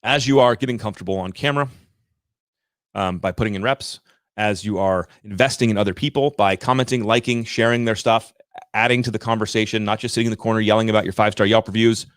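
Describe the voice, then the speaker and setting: A man in his thirties hosting a livestream, giving an energetic, emphatic motivational rant on sales and talking straight to his viewers. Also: on the low side, fast talker, dry recording, clean studio sound. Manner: energetic, emphatic and ranting, addresses viewers directly. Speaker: livestream host and sales coach.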